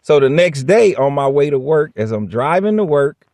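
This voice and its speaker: A man's voice: on the high side, sing-song, moderate pace, darkish tone, no room sound, clean studio sound. A man casually telling a workplace story straight to the camera, blunt and profane, acting out both sides of the dialogue. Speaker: vlogger.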